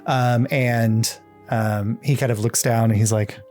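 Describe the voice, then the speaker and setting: A man's voice: mid-range voice, fairly even intonation, measured pace, a little mellow, faint music behind. A man narrating as game master of a tabletop game in a rambling, filler-heavy way. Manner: rambling narration with many ums and likes.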